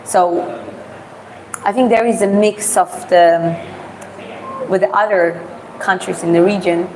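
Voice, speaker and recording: A Georgian woman with a Georgian accent, a non-native English speaker, live-streams as a vlogger while walking city streets, chatting casually and answering viewer questions in a rambling, filler-heavy way. Her voice sits on the low side, fairly even in intonation, unhurried and a little mellow. The audio is poor, with a bit of hiss or hum.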